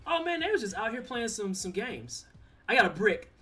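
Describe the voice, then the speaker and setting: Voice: mid-range voice, very animated, normal speed, bright, forceful tone, husky, far from the mic. A young streamer in a casual live-stream, joking and teasing chat as they play. The voice sits a bit back from the mic, with faint game music running behind it. Loose, chatty and easygoing throughout. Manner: playful, chatty, teases chat.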